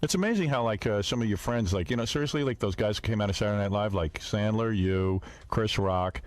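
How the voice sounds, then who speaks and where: A man hosting a talk show, interviewing a comedian guest with quick, prodding questions. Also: fairly low pitch, slight background noise. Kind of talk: interview chat.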